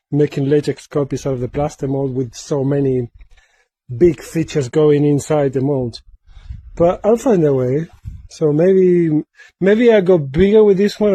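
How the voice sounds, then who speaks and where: A man chats through a sculpting vlog, playful and rambling, prone to silly sing-song repetitions. His voice sits somewhat high for a man yet sounds mellow and soft rather than bright. The sound is close and dry. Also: dry recording. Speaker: mask sculptor. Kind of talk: casual workshop vlog.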